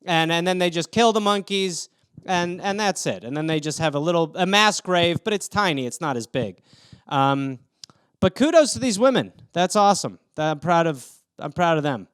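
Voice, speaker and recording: A man's voice: sits high, animated, normal speed, fairly bright tone, clear, resonant tone, no echo, clean studio sound. A man hosting a comedy podcast, riffing profanely and rambling into silly scenarios about odd news stories. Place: home room.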